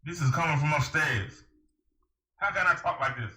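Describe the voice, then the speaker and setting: Sharp-voiced man lecturing in an echoey room. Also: on the high side, moderate pace. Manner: emphatic, rhetorical questions, lecturing. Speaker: vlogger giving advice. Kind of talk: preachy direct-to-camera monologue.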